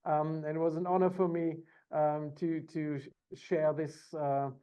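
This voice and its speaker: A man hosting a round table over a video call, speaking haltingly with many fillers and restarts. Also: a little high, steady tone, warm tone, clear, resonant tone. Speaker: host.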